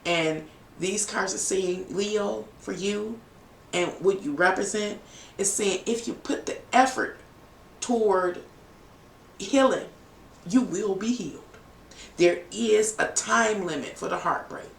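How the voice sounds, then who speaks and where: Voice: medium pitch, slow pace, vocal fry. A tarot reader giving a casual, emotional reading to viewers, emphatic and rambling with many fillers. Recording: echoey room, voice far from the mic, faint noise.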